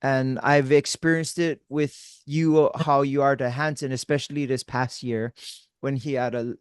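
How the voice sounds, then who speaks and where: A man's voice: medium pitch, level tone, normal speed, clean tone, no room sound, studio quality. A man in his forties from Hawaii hosting a podcast, talking in an easygoing, laid-back way. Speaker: podcast host. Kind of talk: casual podcast interview.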